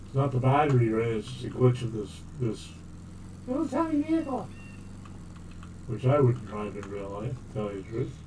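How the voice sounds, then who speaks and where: A man's voice: fairly low pitch, a little fast. A man streaming a survival game, rambling casually to his viewers. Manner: rambling, talks to viewers as "guys". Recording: distant mic with faint noise.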